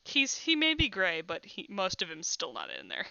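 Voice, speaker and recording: A woman's voice: mid-range voice, very animated, normal speed, muffled recording, a crowd in the background. A woman running a tabletop game as game master, narrating casually and adding playful sound effects.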